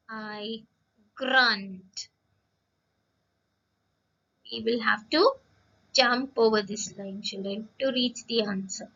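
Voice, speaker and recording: A woman teacher giving a recorded lesson to young children, speaking slowly and patiently, repeating words and often addressing the children. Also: a little high, pushed and bright, lo-fi sound.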